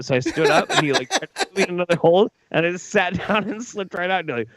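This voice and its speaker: A man's voice: high-pitched, fast talker, few pauses, no room sound. Profane rowdy man telling stories. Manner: profane, animated, acts out drunken quotes. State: drunk. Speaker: co-host. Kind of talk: rowdy storytelling chat.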